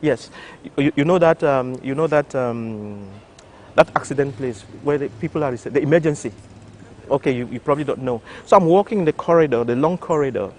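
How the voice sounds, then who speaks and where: An older man, a doctor from Cameroon, telling an interviewer his story, animated and full of restarts. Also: a little high, slight background noise. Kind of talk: recounting a personal story. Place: television studio.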